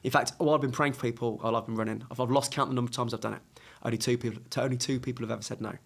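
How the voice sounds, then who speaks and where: A man, a guest on a podcast, telling stories in an animated, laughing way. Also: medium pitch, creaky, breathy edge. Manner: animated storyteller, quick, laughs often. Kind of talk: casual interview chat.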